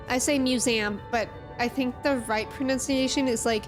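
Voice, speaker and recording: A woman's voice: sits high, a little slow, over music. A young woman streaming a game, chatting casually, reading chat messages aloud and reacting to them.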